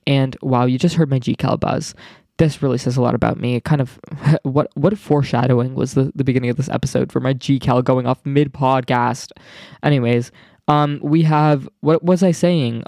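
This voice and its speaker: A young man hosting his own podcast, chatting casually in an excitable, rambling way full of asides. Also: medium pitch, dry recording, studio quality. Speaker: podcast host. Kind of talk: casual solo podcast chat.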